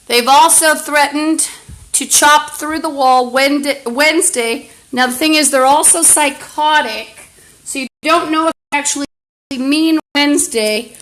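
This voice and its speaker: A woman's voice: high-pitched, a bit bright, rough recording. A woman talking into a phone or camera mic in a rambling, agitated, profane livestream monologue full of fillers.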